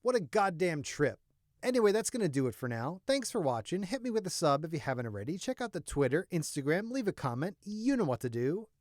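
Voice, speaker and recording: A man with a hoarse, strained voice giving a casual, joking toy review to his viewers. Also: a little high, big pitch swings, a little fast, no echo, studio quality. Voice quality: enthusiastic, jokey, talks to the viewer. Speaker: toy collector vlogger.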